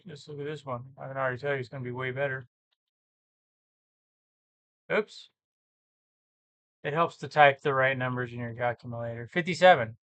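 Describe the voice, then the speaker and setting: A man of medium pitch talks at a normal speed with long pauses, his tone a bit bright and free of room sound. He's vlogging through his reselling business's sales numbers on screen, thinking aloud in a relaxed way and correcting himself.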